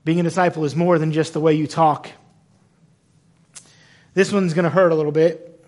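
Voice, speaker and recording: A man preaching a sermon in a church in the American South, animated and self-correcting, often acting out the people in his story. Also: a little high, moderate pace. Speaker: pastor.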